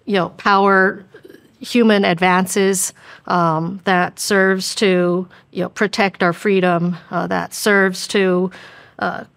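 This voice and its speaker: A woman's voice: medium pitch, flat delivery, slow, creaky, a bit bright, clear, resonant tone. A woman in her fifties, a senior official answering interview questions carefully, with frequent ums and uhs as she picks her words. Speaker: vice president, interview guest.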